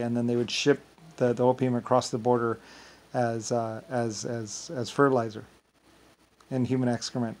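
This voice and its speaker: A man's voice: medium pitch, a little mellow, low-quality recording. A man talking in a casual, rambling monologue, often stumbling and repeating words as he restarts his sentences.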